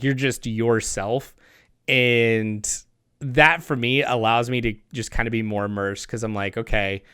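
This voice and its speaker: A man with a smooth, clear voice talks with enthusiasm as a podcast guest and rambles a little. The sound is close and dry, with no room echo. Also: medium pitch, a bit bright. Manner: enthusiastic, rambling with restarts and laughs. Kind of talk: casual podcast chat.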